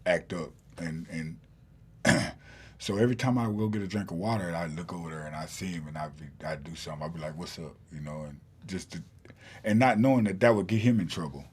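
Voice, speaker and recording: A man's voice: sits low, a little fast, darkish tone, breathy edge. A man, a podcast guest telling a long story in a rambling way with many fillers and restarts. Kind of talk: casual storytelling in an interview.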